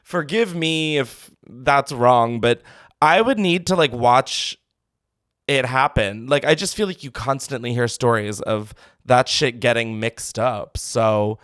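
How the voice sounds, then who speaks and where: A man's voice: medium pitch, slow, fairly bright tone, clear, resonant tone, no echo, clean studio sound. A man hosting a call-in show, chatting casually and bluntly, swearing freely and thinking aloud.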